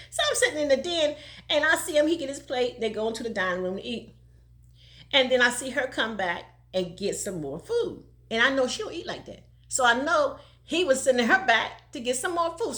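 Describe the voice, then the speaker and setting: Lively, bright-voiced woman telling a story. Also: high-pitched. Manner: animated, laughing often, country dialect. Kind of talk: casual storytelling.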